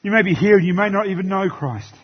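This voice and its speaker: A man's voice: sits high, animated, fast, breathy edge, lo-fi sound. A man preaching a sermon in church, talking conversationally to the congregation and reading scripture aloud. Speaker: pastor.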